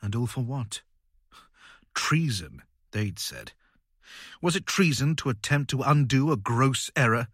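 Male audiobook narrator, husky, lively pitch swings, dry close sound. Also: a little slow, pauses often, no echo. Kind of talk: scripted narration.

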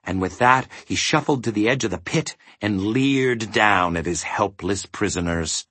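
A man narrating a storybook with an expressive reading. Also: lowish voice, unhurried, husky, no echo.

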